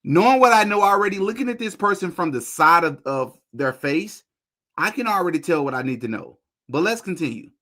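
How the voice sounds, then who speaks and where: A man hosting a podcast, talking straight to his viewers in animated, casual commentary. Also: sits high, brisk. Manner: animated, talks to viewers directly, repeats phrases while searching. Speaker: podcast host. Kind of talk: casual commentary while reacting to a video.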